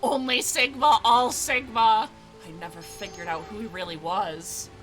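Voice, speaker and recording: A woman streamer playing a video game, reading scenes aloud and reacting with excited shrieks and swearing. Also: medium pitch, a little slow, faint music behind, rough recording.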